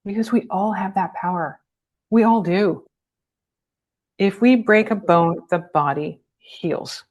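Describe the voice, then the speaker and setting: A woman's voice: medium pitch, slow pace, darkish tone. A woman speaking as a guest in a candid conversation, blunt and emphatic, swearing freely. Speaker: guest, cancer survivor.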